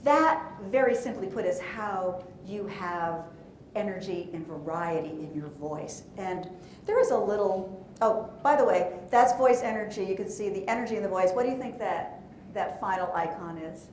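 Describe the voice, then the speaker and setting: Lively woman coaching a room. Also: mid-range voice, moderate pace, roomy sound, a little hiss or hum. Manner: lively, playful, asks the audience questions. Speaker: presentation coach. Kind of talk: live conference workshop talk. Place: conference room with an audience.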